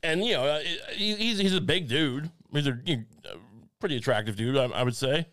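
A man's voice: on the high side, expressive, fairly quick, fairly bright tone. A man co-hosting a comedy podcast, rambling and stammering through jokes and laughing at his own bits. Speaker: podcast co-host. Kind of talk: casual comedic chat.

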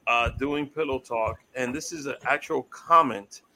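A man's voice: mid-range voice, a little slow, bright, forceful tone, slight background noise. A man hosting a podcast, bantering casually and moving the conversation along. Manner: bantering, keeps the segment moving. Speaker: podcast host. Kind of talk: casual chat.

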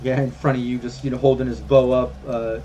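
A man running a tabletop game as game master, talking in a relaxed, rambling way with many fillers. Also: medium pitch, brisk, background noise.

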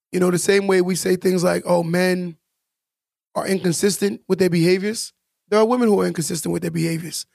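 A man's voice: high voice, creaky, no echo, clean studio sound. A man co-hosting a casual podcast, talking emphatically and preachily, repeating points for stress. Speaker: podcast co-host.

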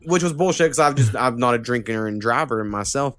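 A man's voice: medium pitch, lively intonation, fairly quick, fairly bright tone, dry recording, clean studio sound. A young man hosting a podcast, telling rambling stories in casual chat, swearing a lot and laughing as he goes. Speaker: podcast host.

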